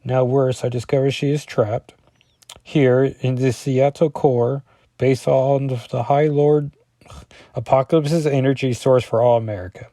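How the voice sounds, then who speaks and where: A man voicing a stoic male Russian superhero, reading his lines slowly and deliberately in a put-on Russian accent. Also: mid-range voice, steady tone, dark tone, dry recording, natural voice. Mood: solemn.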